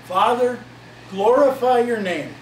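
A man with a very high voice preaches a fervent sermon, reading long passages of scripture aloud. He stands some way back from the microphone, and the room around him rings with echo. A faint hum sits underneath. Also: slow pace. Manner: fervent, quotes scripture at length. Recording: echoey room, mic at a distance.

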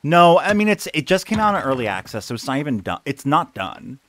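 A man's voice: mid-range voice, very animated, fast, fairly bright tone, slight background noise. A young man live-streaming a game, chatting playfully and joking about himself. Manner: playful, self-mocking, chatty.

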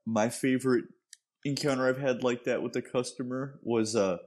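A man's voice: medium pitch, moderate pace. A man co-hosting a podcast, telling stories and making dry jokes in casual chat. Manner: animated storyteller, dry jokes. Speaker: podcast co-host.

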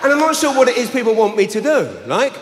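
A man performing live stand-up comedy, telling a story with animated bursts of shouting. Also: very high-pitched, quick pace, a faint crowd, a little hiss or hum. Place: large arena stage. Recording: live arena with long reverb.

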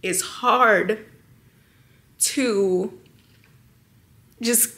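A woman vlogging to camera, talking slowly and hesitantly with heavy sighs, emotional and near tears. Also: mid-range voice, a bit bright. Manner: slow, heavy, sighing and hesitant. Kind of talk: personal vlog confession.

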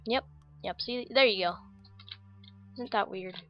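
A woman's voice: mid-range voice, normal speed, dull audio. A woman with an American accent hosting casual Minecraft gameplay commentary in a rambling, goofy, chatty way. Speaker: gaming channel host.

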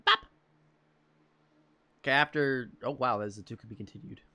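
A young man streaming a game live, loud and excitable, swearing and bursting into yells. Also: medium pitch, normal speed. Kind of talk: live let's-play commentary.

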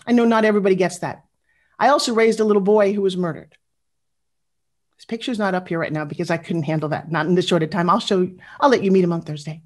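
A woman in her fifties giving a motivational speech, animated and confessional, talking straight to her audience and asking for their replies. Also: on the low side, fast. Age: 50s. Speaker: motivational speaker.

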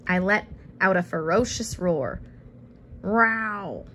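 A woman reads a picture book aloud and tosses in relaxed, casual asides between pages. Her voice is gravelly and sits at a middling pitch, with faint noise in the background. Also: unhurried. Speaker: storybook reader.

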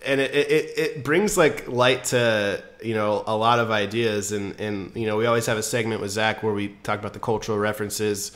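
A man hosting a casual podcast, retelling a story in an animated, profane way full of fillers. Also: fairly low pitch, brisk, hardly any pauses. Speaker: podcast host.

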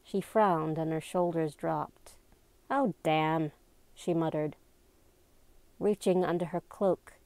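A woman narrating a novel aloud, slow and deliberate in her storybook reading. Her voice is mellow and slightly low. The sound is close and dry, with no echo. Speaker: amateur reader.

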